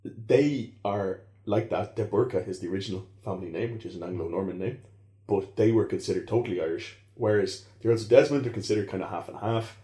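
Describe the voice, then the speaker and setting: A man's voice: fairly low pitch, fairly quick, mellow, reverberant. A man explaining history in conversation, rambling and correcting himself as he goes. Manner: rambling, self-correcting, digressive. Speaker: historian guest.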